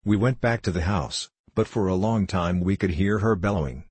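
A man reads a story aloud in a calm, measured, steady way. His voice sits very low and has a husky edge, recorded dry and close with no room sound. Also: no room sound. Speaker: narrator. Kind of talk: scripted audiobook narration.

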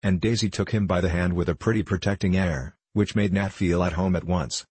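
A man reading a classic children's story aloud in a steady, measured way. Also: low-pitched, slightly rough, dry recording. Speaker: narrator. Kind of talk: audiobook narration.

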